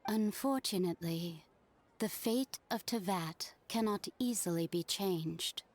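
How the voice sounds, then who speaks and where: A woman voicing an unseen, mysterious woman in a video game, speaking slowly and solemnly, partly in a whisper. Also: medium pitch, a little mellow, lightly acted. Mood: cryptic.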